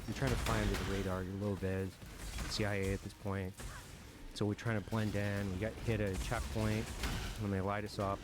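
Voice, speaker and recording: Low-voiced man recounting combat bluntly. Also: background noise. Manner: profane, frank and reflective, with bursts of nervous laughter. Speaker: military veteran guest. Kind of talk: candid war storytelling in a podcast interview.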